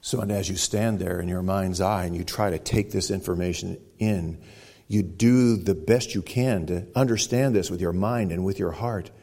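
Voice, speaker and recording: A man preaching a sermon, retelling a story dramatically, with sudden loud exclamations and quiet, hushed stretches. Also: deep voice, normal speed, gravelly. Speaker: pastor.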